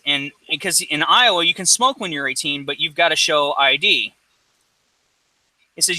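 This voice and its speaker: A man telling a long, profane story in casual chat, rambling and animated. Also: fairly high pitch, normal speed, no echo, low-quality recording.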